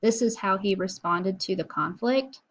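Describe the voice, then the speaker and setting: A woman's voice: mid-range voice, moderate pace. A woman teacher recording a video lesson, explaining in a casual way with frequent fillers.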